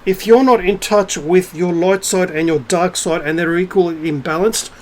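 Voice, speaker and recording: Middle-aged man, raised pitch, casual vlog rant, blunt, scornful, swears a lot. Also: moderate pace, poor audio. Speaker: spiritual vlogger. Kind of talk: casual ranting monologue.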